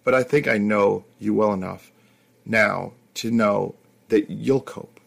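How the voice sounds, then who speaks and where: A man's voice: fairly low pitch, slow pace, vocal fry, husky, heavily acted. A man voicing a teasing young woman. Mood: soft.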